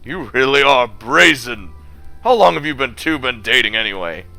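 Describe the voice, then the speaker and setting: A man's voice: medium pitch, expressive, moderate pace, vocal fry, bright, forceful tone, no room sound, soft background music, heavily acted. A man voicing a blunt, incredulous schoolgirl classmate who speaks in a raised, judging voice.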